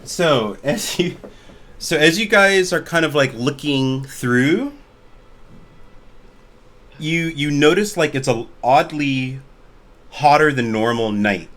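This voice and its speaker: Slow, sing-song game master man. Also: on the high side, lively intonation, fairly bright tone. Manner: casual, filler-heavy narration. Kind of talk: narrating a tabletop game over a call. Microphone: computer mic on a voice call.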